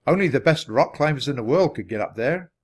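A man's voice: medium pitch, expressive, fairly quick, pitched above the performer's own voice, natural voice. A man voicing a cautious, sensible young boy in a storybook, careful and reasoning in his talk. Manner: careful, reasoning, urgent when calling.

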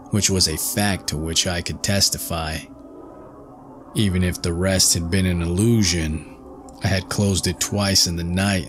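A man narrating a ghost story in measured, unhurried first person. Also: low voice, a bit bright. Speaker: audiobook narrator.

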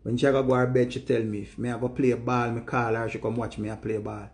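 A man's voice: mid-range voice, level tone, quick pace, darkish tone. A grieving man with a Jamaican accent, talking emphatically and repeating himself in patois. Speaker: vlogger. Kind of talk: emotional monologue to camera.

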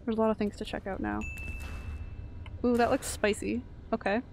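A young woman from Canada chatting and reacting loudly while streaming a game. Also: fairly high pitch, fairly even intonation, moderate pace, slight background noise. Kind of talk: live game stream commentary.

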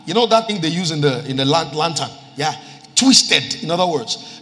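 A man's voice: fairly high pitch, lively intonation, moderate pace, fairly bright tone. A man preaching a sermon as pastor, quoting scripture and repeating key lines for emphasis. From Nigeria. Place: church hall with live congregation. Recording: reverberant church hall with music.

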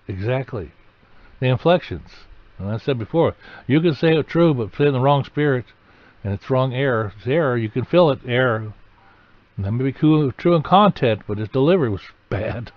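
A man preaching a sermon, telling the story dramatically and breaking into sudden loud, emphatic bursts. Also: mid-range voice, animated, normal speed, dry recording, muffled recording.

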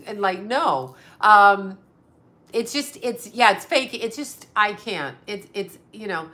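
A woman's voice: medium pitch, very animated, a little slow, sharp tone. A middle-aged woman hosting a casual livestream chat as a psychic medium, blunt and sarcastic, swearing freely. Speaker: psychic medium and astrologer host.

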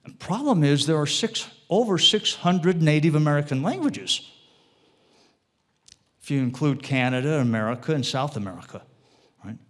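A man's voice: on the high side, animated, normal speed, long pauses. A man speaks in a slightly raised register as he lectures a live room in a loose, digressive way. He keeps turning to his listeners with little tag questions. His thoughts restart and wander as he goes. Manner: rambling, digressive delivery with restarts. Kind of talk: informal lecture to a live audience.

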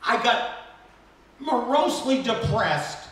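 A man in his fifties doing a stand-up comedy set at a benefit concert, talking in an animated, jokey, self-deprecating way. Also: very high-pitched, takes it slowly. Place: stage at a benefit concert in a temple. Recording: echoey room from far off with faint ambience.

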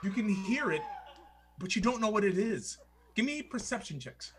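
A man narrating a tabletop game as game master, telling the action in a lively, theatrical way. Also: sits high, normal speed.

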